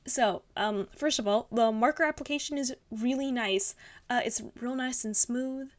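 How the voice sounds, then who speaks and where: A woman's voice: on the high side, normal speed. A young woman hosting a casual art review, gushing and rambling with lots of fillers. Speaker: art channel host. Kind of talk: casual art critique commentary.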